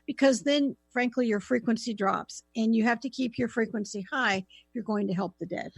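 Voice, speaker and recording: A woman hosting a talk radio show, giving calm, reassuring spiritual advice. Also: a little high, moderate pace, breathy edge, dry recording.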